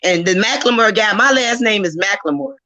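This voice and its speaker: A woman's voice: mid-range voice, a little fast, bright, forceful tone. A woman who is a poet guest, talking in a bold, preachy and emphatic way during a casual chat on a live video call.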